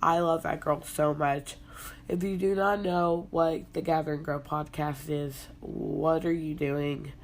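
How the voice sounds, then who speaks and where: A young woman hosts her podcast while sick, her congested voice hoarse and low. She talks slowly and without much energy, with a gravelly fry running through her words. A faint hum of noise sits behind her. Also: fairly even intonation. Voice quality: hoarse, husky from illness. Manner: low-energy, laid-back. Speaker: podcast host. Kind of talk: casual solo podcast chat.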